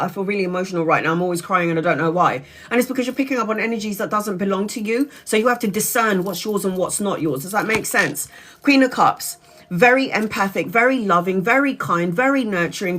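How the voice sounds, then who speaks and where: A woman in her forties gives a live tarot reading straight to her viewer. She talks bluntly and familiarly, with casual swearing, and her voice sits at an ordinary middle pitch. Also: fairly bright tone. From Brazil. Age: 40s. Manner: frank, swears casually, direct address to viewer. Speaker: tarot reader.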